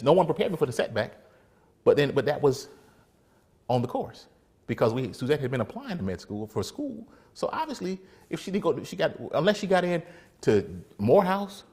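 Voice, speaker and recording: A man preaching in a storytelling way, animated, acting out other people's voices and laughing often. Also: medium pitch, breathy edge. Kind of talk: storytelling sermon.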